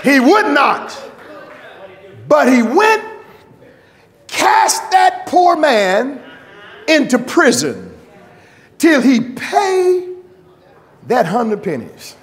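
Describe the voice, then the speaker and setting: High-voiced shouting preacher in a hall. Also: male voice, wildly swooping pitch. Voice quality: shouting, drawn-out emphatic phrasing. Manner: calls out to the congregation for praise. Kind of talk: fiery church sermon. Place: church sanctuary. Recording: reverberant hall, faint congregation.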